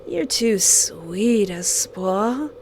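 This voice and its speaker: A woman voicing a creepy, grinning male yandere stalker in a game, speaking slowly and softly with a teasing sweetness. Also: medium pitch, expressive, a little hiss or hum. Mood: creepy sweet.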